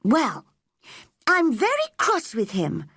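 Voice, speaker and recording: A woman's voice: on the high side, huge pitch swings, slow, a bit bright, slightly rough, dry recording, studio quality, voice pushed up, full character voice. A woman voicing an angry, stubborn little girl who scolds sharply in a storybook reading. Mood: cross.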